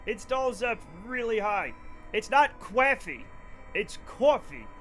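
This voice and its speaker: A young man streaming a space flight game, chatting with his viewers, swearing freely and ranting in mock anger. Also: sits high. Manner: animated, answers chat, swears freely, mock-angry rants. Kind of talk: casual live-stream commentary.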